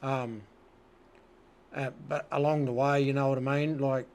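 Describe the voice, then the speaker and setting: A man's voice: medium pitch, little pitch movement, unhurried, darkish tone. A man with an Australian accent telling rodeo stories as an interview guest, laid-back, swearing freely and often asking "you know what I mean". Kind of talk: casual storytelling.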